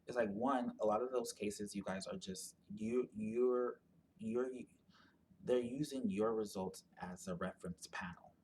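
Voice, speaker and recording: Low-voiced man rambling through an explanation. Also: fairly even intonation, moderate pace, a little mellow, slight background noise. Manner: rambling, full of "like" and restarts. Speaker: commentator on genetic ancestry. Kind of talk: casual explanatory monologue.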